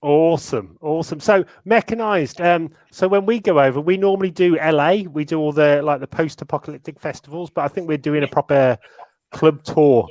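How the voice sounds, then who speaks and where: An upbeat man runs a casual interview, asking questions enthusiastically. His voice is somewhat high for a man, and the sound is dry, with no room echo. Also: brisk, a little mellow.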